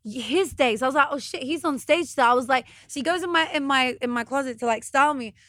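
A woman guest on a podcast who tells a story with excitement, swears freely and acts out what people said. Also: high voice, quick pace, dry recording, studio quality. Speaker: guest, motivational speaker. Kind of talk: animated storytelling in casual chat.

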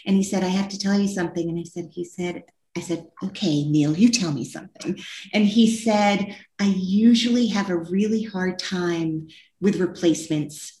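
A woman's voice: on the low side, moderate pace, warm tone. A woman hosting a casual interview, eagerly recounting an anecdote with quoted dialogue. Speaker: podcast host. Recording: roomy echo.

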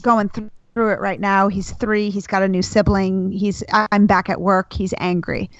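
A woman's voice: mid-range voice, level tone, moderate pace, no echo, muffled recording. A woman co-hosting a casual podcast, chatting along and hedging with the odd um. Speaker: podcast co-host. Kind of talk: casual chat.

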